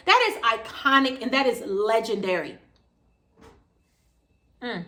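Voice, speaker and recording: A woman with a Washington D.C. area accent speaks with a fairly high, bright voice, animated and emphatic as she vlogs straight to camera. Her talk is casual and full of slang. The sound carries a noticeable room echo. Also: slow pace, long pauses. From Maryland, USA. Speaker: vegan vlogger.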